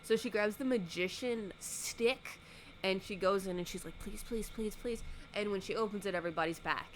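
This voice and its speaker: A woman YouTuber giving a sarcastic, animated casual recap of a movie, acting out the characters' lines. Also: medium pitch, fairly quick, a little hiss or hum.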